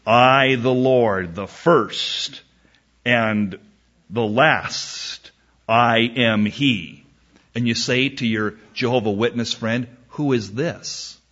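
A man preaching in an unhurried, deliberate way, leaning hard on each quoted verse. His voice sits at an ordinary middle pitch. The recording sounds dull and slightly lo-fi. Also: a bit bright. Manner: emphatic, reads scripture slowly and acts out a back-and-forth dialogue. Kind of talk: sermon.

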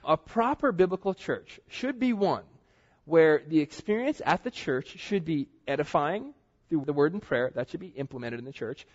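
A middle-aged male pastor gives an earnest, chatty sermon in a church, his slightly high voice carrying a husky edge. The recording is dull and lo-fi. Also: lively intonation, normal speed. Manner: conversational, earnest preaching with asides.

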